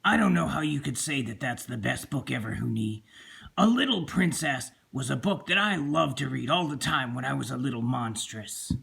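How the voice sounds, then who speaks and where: A man's voice: medium pitch, animated, normal speed, gravelly, fairly bright tone, slightly rough, exaggerated voice. A man voicing a stubborn, bookish female monster puppet, insistent in how she argues.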